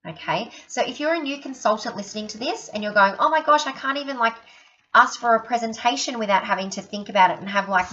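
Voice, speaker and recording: A woman's voice: mid-range voice, sharp tone. A woman giving a chatty training talk to fellow sales consultants, acting out the people in her stories. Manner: chatty storyteller, acts out quotes, many "okay?" asides. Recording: dull lo-fi recording.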